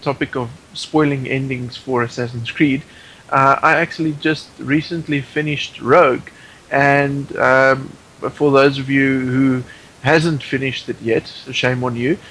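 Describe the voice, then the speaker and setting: A man's voice: mid-range voice, fairly even intonation, a little slow, fairly bright tone, a little hiss or hum, poor audio. A man guest on a podcast in casual chat, opinionated and rambling, with many restarts.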